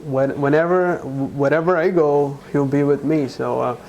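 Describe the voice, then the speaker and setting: Man, from Brazil, interview guest, earnest, halting, mellow tone. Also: a little high, highs cut off. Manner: earnest, halting with many restarts. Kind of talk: conversational interview.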